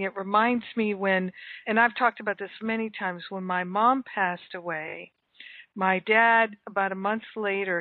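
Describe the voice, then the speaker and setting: A woman's voice: medium pitch, no room sound. Woman telling a story over a phone line. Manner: warm reflective storytelling with fillers. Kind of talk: casual spiritual conversation. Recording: tinny phone line, dry.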